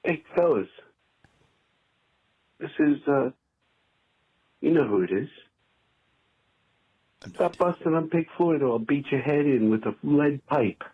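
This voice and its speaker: A man on a voicemail doing a poor impression of a threatening tough guy, with a husky voice. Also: on the high side, slow pace, long pauses. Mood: menacing. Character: gruff male mobster-style tough guy. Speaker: voicemail caller. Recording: muffled phone voicemail.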